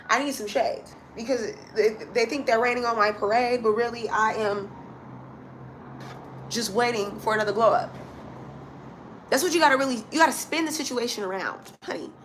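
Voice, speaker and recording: Woman, mid-pitched, doing a spiritual reading in a preaching style, emphatic and fond of "honey", slight background hiss. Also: fairly bright tone. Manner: preachy, calls listeners honey and sweetie; emphatic, repeats lines for effect. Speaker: astrology and oracle card reader.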